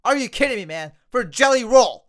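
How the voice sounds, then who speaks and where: A man's voice: very high voice, animated, a little fast, a bit bright. A man reviewing a wrestling show in a ranting video, exasperated, firing off repetitive rhetorical questions.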